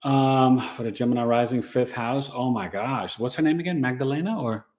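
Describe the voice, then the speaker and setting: A man's voice: mid-range voice, moderate pace, a little mellow. A middle-aged man hosting a casual astrology livestream, chatty and playful, reading viewers' charts and dropping in Spanish words.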